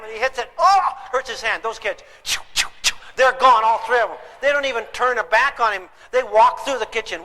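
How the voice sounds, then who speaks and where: A man giving a humorous parenting seminar, talking in an animated, theatrical way. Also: extremely high pitch, fairly quick, in a large hall, low-quality recording. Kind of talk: humorous live seminar talk. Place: lecture hall with an audience.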